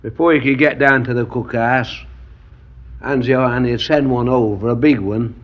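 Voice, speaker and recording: A man's voice: mid-range voice, steady tone, normal speed. An older male veteran recalling the war in a plainspoken, matter-of-fact way. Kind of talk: reminiscing interview. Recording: dull lo-fi archive recording.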